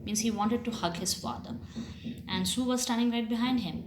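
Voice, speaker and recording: A woman teaching a class. She reads a story aloud and patiently explains its words, pausing with fillers. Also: a little high, animated, background noise. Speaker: English teacher. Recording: echoey room.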